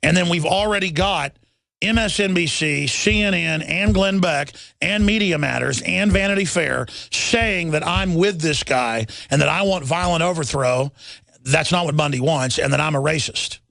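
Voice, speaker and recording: A middle-aged male radio host with a gravelly, somewhat high voice, talking urgently and with heavy emphasis. He rattles through headlines in an impassioned monologue. The sound is close and dry. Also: moderate pace, fairly bright tone, no room sound. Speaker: radio talk show host.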